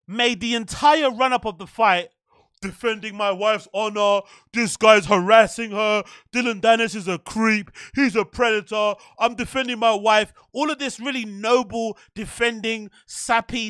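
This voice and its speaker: Young podcast host, bright tone, animated and profane rant, keeps firing the same question. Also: male voice, high-pitched, normal speed, no echo. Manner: animated, exasperated, profane, repeats his questions. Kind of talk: ranting commentary.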